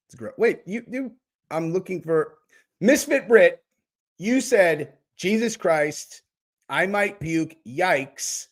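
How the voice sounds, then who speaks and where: A man hosting a casual livestream, rambling and swearing freely while joking with his chat. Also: a little high. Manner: rambling, profane, jokey. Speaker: host.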